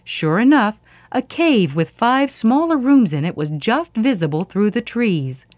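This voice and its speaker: A woman reading a myth aloud as a storyteller, expressive and vivid. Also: fairly high pitch, measured pace, no room sound.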